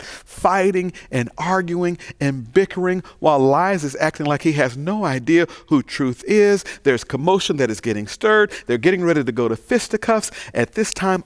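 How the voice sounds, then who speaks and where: A man preaching a sermon, telling a folksy parable with animated, building emphasis before moving into the message. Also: a little high, no echo. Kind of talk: sermon storytelling.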